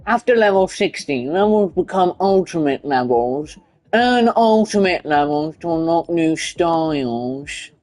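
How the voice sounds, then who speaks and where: A woman's voice: low-pitched, unhurried, no echo, faint music behind. A woman giving comedic, rambling gameplay commentary in a put-on British accent. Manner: mock British impression, excitable, rambling. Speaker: gaming YouTuber.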